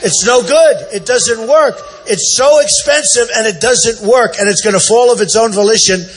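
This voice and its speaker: An older man delivers a boastful, repetitive campaign rally speech, often shouting out to the crowd. His voice sits high for a man. A faint hum of noise runs under the speech in the big indoor event hall. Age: 60s. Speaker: political candidate. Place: large indoor event center.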